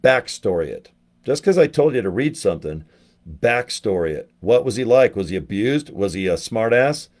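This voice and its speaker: A man's voice: on the low side, expressive, darkish tone, natural voice. A man putting on the voice of his blunt, lecturing acting coach, firing questions at his students. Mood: insistent. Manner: pushy, lecturing, quick-fire questions. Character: blunt, coaxing middle-aged male acting coach.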